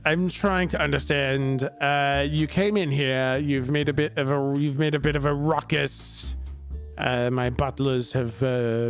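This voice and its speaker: A man voicing a nervous, stammering male official with a monocle in a tabletop game. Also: fairly high pitch. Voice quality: stammering, flustered.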